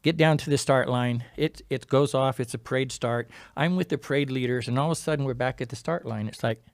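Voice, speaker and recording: A man, a guest on a talk show, tells a personal story in a lively way, acting out the other people's lines and dropping to a hush at key moments. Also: mid-range voice, brisk, dry recording, studio quality. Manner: animated, acts out quoted dialogue; drops to a quiet, hushed tone at key moments. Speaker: podcast guest. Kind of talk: storytelling in casual interview.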